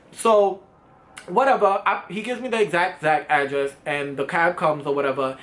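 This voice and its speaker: A young man spinning a storytime tale for his vlog. He talks fast and loose, full of slang and swearing, and his voice leaps up when he gets worked up. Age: young adult. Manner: animated, profane, slangy storytelling with pitch jumps. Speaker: vlogger.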